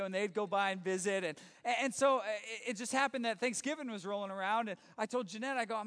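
A man, a youth pastor, telling a personal story in a conversational, halting way, often restarting and acting out the quoted dialogue. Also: high voice, fairly bright tone. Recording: reverberant hall.

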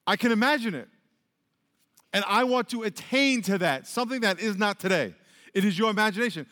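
A middle-aged man preaching a sermon from a pulpit, telling stories and acting out voices with lively restarts. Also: high voice, a little fast, in a large hall. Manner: animated preaching with storytelling, restarts and acted-out quotes. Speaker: pastor. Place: church sanctuary with a pulpit.

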